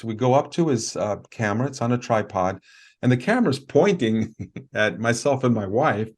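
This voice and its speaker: A man, a guest on a video call interview, telling a story in an earnest, halting way with many fillers and restarts. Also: medium pitch, animated.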